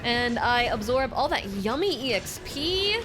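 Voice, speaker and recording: A woman's voice: a little high, big pitch swings, a little slow, music in the background. A young woman livestreaming a video game, giving playful, teasing running commentary to her chat and her in-game companion. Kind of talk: casual gameplay commentary.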